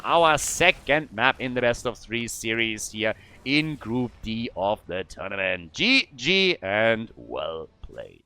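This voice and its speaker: Guy doing live esports play-by-play, middle pitch, fast and excitable. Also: clean tone. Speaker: esports caster. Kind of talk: live game commentary.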